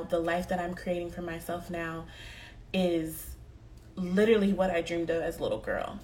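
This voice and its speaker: A young woman speaks to her viewers in an earnest, heartfelt way, often circling back over her words. Her voice sits a little low for a woman. A faint hiss runs under the talk. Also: fairly even intonation, normal speed, a little mellow. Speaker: vlogger. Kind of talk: motivational talk to camera.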